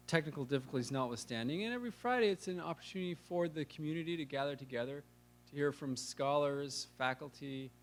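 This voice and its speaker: A man's voice: on the high side, gravelly. A man hosting a weekly lecture forum, welcoming the audience with wry jokes into a handheld microphone. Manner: wry, joking. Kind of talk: casual event welcome. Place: lecture room.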